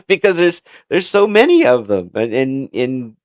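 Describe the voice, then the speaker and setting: An American man hosts a relaxed interview, his pitch swinging up and down as he talks. He restarts his sentences often and laughs easily between thoughts. His voice sits dry and close to the mic. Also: takes it slowly, no room sound, highs cut off. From United States. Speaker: interview show host. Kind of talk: casual interview chat.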